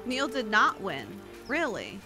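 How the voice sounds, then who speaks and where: Blunt, wisecracking woman streamer, fairly high and animated, over game music. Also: slow pace. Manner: blunt, joking, crude. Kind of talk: casual gameplay commentary.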